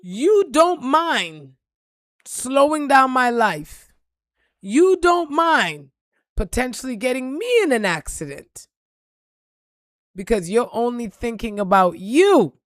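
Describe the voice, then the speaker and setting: A woman's voice: a little high, very animated, slow, long pauses, no room sound, clean studio sound. A woman vlogger telling a story in a blunt, profane, preachy rant. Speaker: spiritual reader and vlogger.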